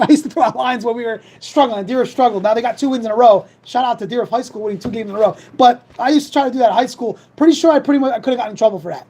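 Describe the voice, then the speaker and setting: A young man from hosting a sports talk show, rambling fast and reading sponsor plugs in a fired-up, casual way. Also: very high voice, darkish tone, low-quality recording.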